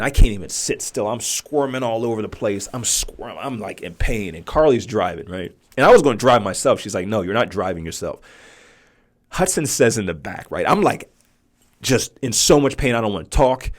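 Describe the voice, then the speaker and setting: A man in his thirties, a podcast host telling a personal story in an animated way and acting out the voices of others. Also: lowish voice, normal speed. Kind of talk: storytelling monologue.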